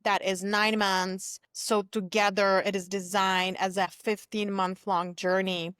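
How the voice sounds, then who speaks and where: Woman, solo podcast host, motivational and emphatic, bright and crisp, dry close sound. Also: medium pitch, flat delivery, a little slow, no room sound.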